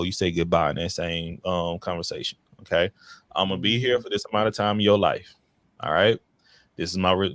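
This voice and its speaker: A man casually telling stories as a podcast guest about his child welfare work, in an animated, slangy way. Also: no room sound. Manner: animated, slangy, breaks into high excited quoted voices. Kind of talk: casual storytelling chat.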